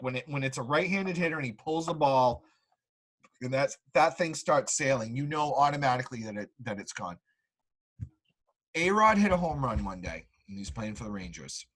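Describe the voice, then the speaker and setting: A man's voice, pitched on the high side, comes through poor audio as he hosts a casual sports podcast. He tells rambling, animated stories crowded with fillers.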